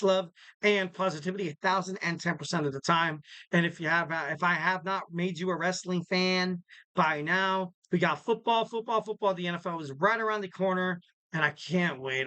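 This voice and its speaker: A man's voice: sits high, sharp tone, smooth, dry recording, poor audio. A young man hosting a casual sports podcast, rambling through his sign-off with jokey, self-deprecating asides. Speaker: podcast host.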